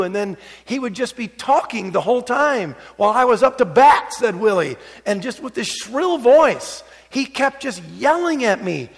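A middle-aged man preaching a sermon as pastor, telling stories and moving between quiet asides and rising exhortation. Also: high voice. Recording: long hall reverb.

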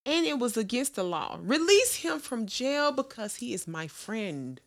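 A woman's voice: fairly high pitch, big pitch swings, a little slow. A woman in casual chat who reads prim phrases aloud and laughs a lot.

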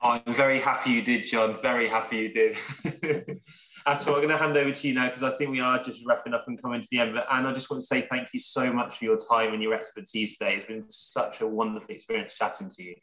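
Man, moderator, sharp bright voice, effusive, roomy echo. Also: medium pitch, fairly even intonation, fast. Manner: effusive, grateful. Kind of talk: thanking a guest at the end of a talk.

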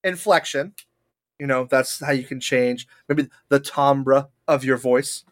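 A podcast co-host in casual chat who tells stories in an animated way and laughs often. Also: medium pitch, unhurried.

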